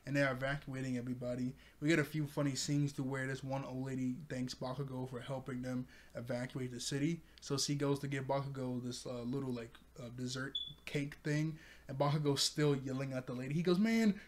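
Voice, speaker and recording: A man casually recapping an anime episode at home in front of a TV, rambling, often laughing and correcting himself. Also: medium pitch. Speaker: anime reviewer. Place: room with a TV.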